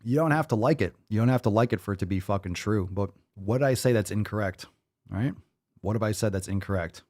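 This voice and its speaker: A man's voice: fairly low pitch, quick pace, a little mellow. A man hosting a podcast, ranting in a heated, mocking and foul-mouthed way. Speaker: podcast host. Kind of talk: profane fired-up rant.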